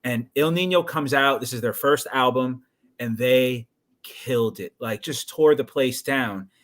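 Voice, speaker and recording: A man co-hosts a casual web talk show, his voice at an average pitch. He sounds eager and chatty, jumping in with his own stories. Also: a little slow, fairly bright tone. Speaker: co-host.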